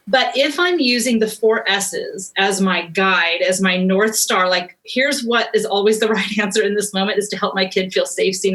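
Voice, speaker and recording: A woman's voice: mid-range voice, a bit bright, low-quality recording. A woman in her forties, a parenting expert guest in an interview, speaking earnestly and reflectively about raising children. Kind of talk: conversational interview.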